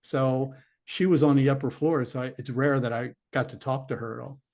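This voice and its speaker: Man, middle-aged, earnest storyteller, rambling, restarts sentences, ordinary pitch, interview guest. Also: fairly even intonation, fairly quick, darkish tone. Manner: earnest, rambling anecdote with restarts and voiced inner dialogue. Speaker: interview guest, former police detective turned psychic medium. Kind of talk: conversational storytelling.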